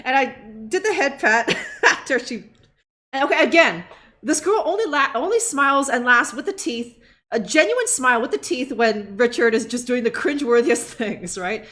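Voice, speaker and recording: A woman streamer reacts to a game with loud, sarcastic commentary, laughing often and tacking "huh?" onto her lines. Her voice sits a little high and leaps up and down. She swears freely. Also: animated, normal speed. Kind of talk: live gameplay commentary.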